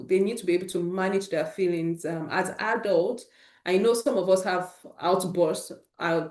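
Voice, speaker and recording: A woman's voice: fairly low pitch, a little mellow, roomy sound. A woman hosting an informal talk for parents, speaking earnestly and encouragingly and weaving in personal stories. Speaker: host of a parent support session.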